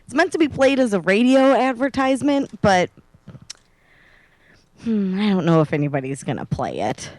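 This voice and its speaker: Sarcastic co-host, mid pitch, dry close sound. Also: expressive, moderate pace, pauses often, no echo. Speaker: talk show co-host. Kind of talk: casual joking chat.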